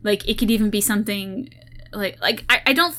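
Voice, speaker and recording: A woman with a slight Southern twang co-hosts a casual podcast. Her voice is bright and crisp. She rambles, trails off and restarts her sentences. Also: mid-range voice, a little fast. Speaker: podcast co-host. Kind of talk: casual chat.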